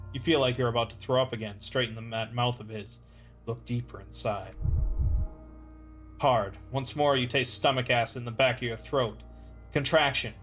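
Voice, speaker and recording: A man playing a video game and reading its dialogue and narration aloud in a dry, deadpan way. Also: medium pitch. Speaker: let's play narrator.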